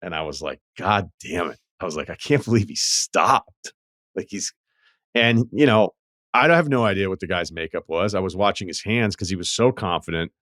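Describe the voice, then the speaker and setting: A man's voice: low-pitched, lively intonation, moderate pace, fairly bright tone, dry recording, studio quality. A man hosting a podcast, telling stories in a wry, profane, casual way. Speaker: podcast host. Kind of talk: casual chat.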